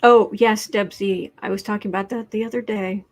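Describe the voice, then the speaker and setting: A woman hosting a casual tarot livestream, chatting in quick asides and reading out viewer comments. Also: medium pitch, fairly even intonation. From Midwestern United States.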